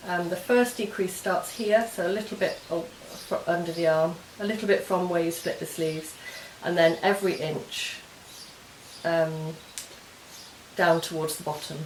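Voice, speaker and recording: A woman's voice: on the low side, fairly even intonation, measured pace. A woman hosting a knitting podcast, chatting casually and explaining her projects step by step in a meandering way. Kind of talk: casual show-and-tell chat. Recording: roomy echo with faint hiss.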